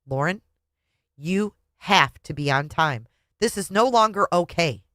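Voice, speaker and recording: A woman reading aloud the lines of an angry young husband who scolds and yells, in a dry, close sound. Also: fairly low pitch, expressive, unhurried, no echo. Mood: stern. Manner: loud scolding repetition. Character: angry young adult male husband yelling.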